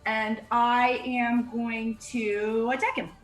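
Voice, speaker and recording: A woman playing a tabletop game, talking in an excited, chatty way. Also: a little high, slow pace, roomy sound, soft background music. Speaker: player.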